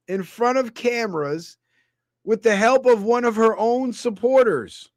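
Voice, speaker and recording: A man's voice: very high-pitched, measured pace, dry recording, clean studio sound. A man hosting a ranting comedy commentary, crude and mocking, laughing at his own jokes. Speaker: channel host.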